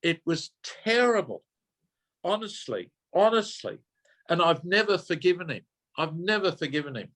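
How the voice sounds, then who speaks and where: A man's voice: a little high, lively intonation, brisk, fairly bright tone. An older man, a minister telling a personal story in an earnest way, often repeating and correcting himself. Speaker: minister giving a talk.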